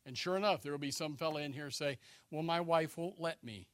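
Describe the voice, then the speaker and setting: A man preaching a sermon, swinging from hushed low asides to loud, drawn-out exhortations. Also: no room sound. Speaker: pastor.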